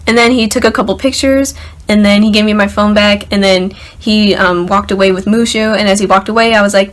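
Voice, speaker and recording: A young woman vlogger telling a story to the camera in an excited, chatty way, packed with "like" and "literally". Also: medium pitch, fairly quick. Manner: excited, filler-heavy, lots of "like" and "literally".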